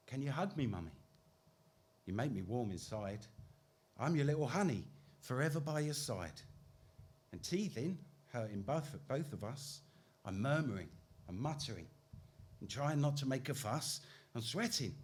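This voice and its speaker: A man putting on the voice of a toddler talking to its mummy in a sing-song poetry recital. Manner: high sing-song childlike lilt.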